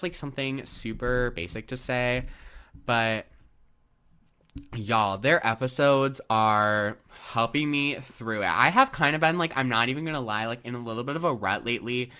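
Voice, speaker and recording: A young man hosting a solo podcast in a casual, gushing chat. His voice is bright and forward, and his pitch sits in an ordinary middle range. He rambles warmly through fillers and restarts. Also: smooth. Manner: chatty, gushing, filler-heavy with many likes. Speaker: podcast host.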